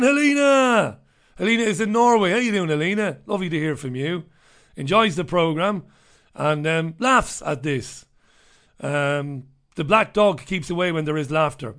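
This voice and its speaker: A middle-aged man with a slightly high voice hosts a casual radio show. He chats bluntly, reads out listener messages and tosses off quick asides. His tone stays conversational and unscripted. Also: fairly bright tone.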